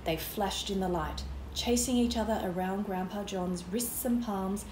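A woman author reading her children's book aloud with clear, lively storytelling. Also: medium pitch, measured pace, roomy sound, noisy background.

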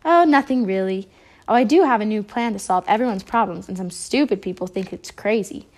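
A woman's voice: mid-range voice, a little fast, darkish tone, close to an everyday voice. A woman putting on a screechy old mad scientist. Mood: gloating. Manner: gloating, wheedling.

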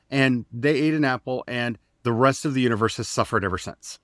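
A man's voice: medium pitch, quick pace, fairly bright tone, dry recording. A man co-hosting a podcast about faith, with a mid-range voice recorded close and dry. He retells old stories in a wry, glib way, talking casually and with a sense of humor. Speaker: podcast co-host. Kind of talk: casual religious discussion podcast.

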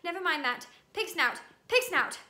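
A woman voicing a frightened young schoolboy who speaks in tense, hushed tones. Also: very high voice, lively intonation, moderate pace, echoey room, voice pushed up, heavily acted. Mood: urgent. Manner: whispered and tense.

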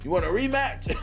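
A man's voice: sits high, vocal fry. Hyped young man trash-talking over gameplay. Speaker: gaming YouTuber. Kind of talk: casual gameplay commentary.

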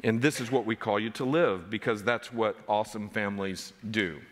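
A man's voice: lowish voice, normal speed, in a large hall, a little hiss or hum. A man preaching a sermon as pastor, driving home numbered points with rising emphasis. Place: church sanctuary.

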